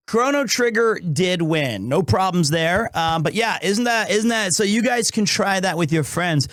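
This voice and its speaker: High-voiced man rambling on a live stream. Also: expressive, measured pace, hardly any pauses, a bit bright, dry recording, studio quality. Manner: rambling, full of restarts and self-corrections; joking and playful with chat. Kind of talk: casual live-stream chat.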